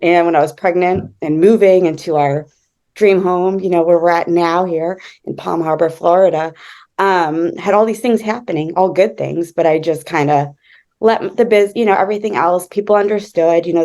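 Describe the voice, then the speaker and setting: A young woman speaking on a video call in a slightly low voice. She talks in a chatty, giggly, grateful way, with plenty of fillers and restarts. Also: steady tone, normal speed, dark tone. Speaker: member sharing good news. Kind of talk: casual chat on a call.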